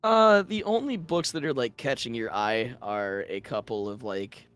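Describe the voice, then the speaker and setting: A man's voice: mid-range voice, measured pace, fairly bright tone, smooth, no echo. A man running a tabletop game as game master, narrating scenes loosely with lots of filler words.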